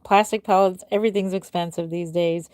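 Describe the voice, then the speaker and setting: A woman's voice: on the low side, fairly even intonation, brisk, darkish tone, smooth, no echo, clean studio sound. A woman in her forties hosting a casual livestream as a doll artist, chatting and answering viewer comments. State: tired, yawning.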